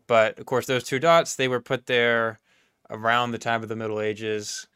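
A man hosting a podcast, asking questions in a casual, halting way. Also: mid-range voice, steady tone, bright, forceful tone, clean tone, no echo, clean studio sound. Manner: inquisitive, halting. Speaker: podcast host. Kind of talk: casual interview.

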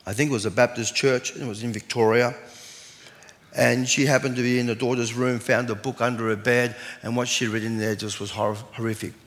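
A man's voice: mid-range voice, flat delivery, a little fast, fairly bright tone. A man, a pastor preaching an earnest sermon and reading scripture aloud. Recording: long hall reverb.

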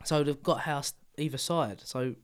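A man's voice: fairly high pitch, a little slow, clear, resonant tone. A man, co-hosting a podcast and telling a sweary story in casual chat. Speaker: podcast co-host.

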